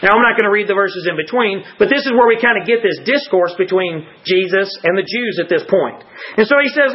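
A man preaches a sermon, stopping to unpack Greek word meanings in a loose, conversational way. His voice sits high for a man, and the recording sounds dull and slightly muffled. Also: lively intonation, a little fast. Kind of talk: sermon with scripture reading.

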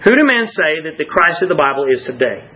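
Male preacher, sermon delivery, very animated pitch, dull lo-fi recording. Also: quick pace. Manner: animated, rising to emphatic peaks and dropping to hushed low lines.

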